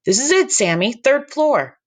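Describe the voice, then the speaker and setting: A man's voice: very high-pitched, very animated, measured pace, pitched above the performer's own voice, exaggerated voice. A man voicing an odd, cheeky boy camper who talks with a lisp. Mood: excited.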